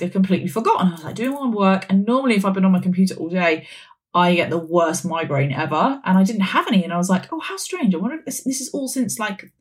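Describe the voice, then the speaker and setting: A woman around forty, hosting a wellness podcast in a chatty, rambling way with frequent laughs. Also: medium pitch. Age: 40s. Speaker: podcast host. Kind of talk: casual wellness podcast chat.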